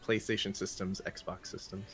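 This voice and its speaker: A man co-hosting a gaming morning show, reading the day's game releases briskly and making playful asides. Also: deep voice, flat delivery, a bit bright. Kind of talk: casual morning show banter.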